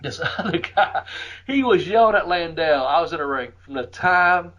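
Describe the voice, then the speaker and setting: A middle-aged American man spins profane ring stories as a podcast host, laughing as he goes and shouting the lines he quotes. His voice sits a touch high for a man. The audio sounds dull and lo-fi. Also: expressive, normal speed. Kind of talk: casual storytelling. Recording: muffled lo-fi audio.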